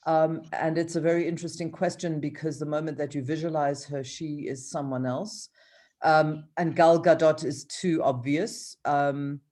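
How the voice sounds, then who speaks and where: A woman's voice: low-pitched, a little mellow. A woman author reading from her own novel, then talking with hesitant ums and restarts over a video call.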